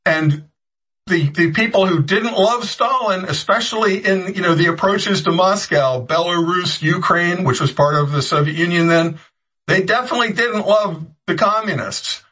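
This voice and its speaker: A man with a husky, slightly high voice delivers heated political commentary. He rambles, often restarts his sentences, and throws in sarcastic jabs. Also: moderate pace, pushed and bright, low-quality recording.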